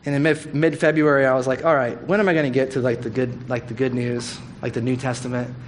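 A man's voice: medium pitch, flat delivery, quick pace, a little hiss or hum. A man preaching a sermon as pastor, candid and conversational, with humorous asides. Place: church hall.

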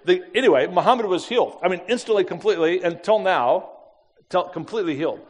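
Man, evangelist storyteller, fairly high voice, conversational and self-mocking, acts out the people he quotes, long reverb of a hall. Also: lively intonation, fast talker. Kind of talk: storytelling to an audience.

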